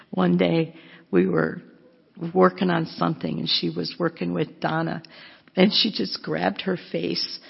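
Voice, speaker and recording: A woman's voice: fairly low pitch, flat delivery, takes it slowly, creaky, breathy edge. A woman giving a chatty, self-mocking storytelling talk as a missionary speaker, laughing often. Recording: dull lo-fi with long hall echo.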